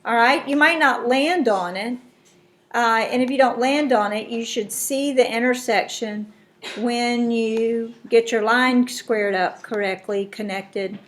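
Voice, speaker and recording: Woman math teacher, higher voice, patient step-by-step explainer. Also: a little slow, a bit bright. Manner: explains step by step, checks in with students. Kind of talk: classroom lesson.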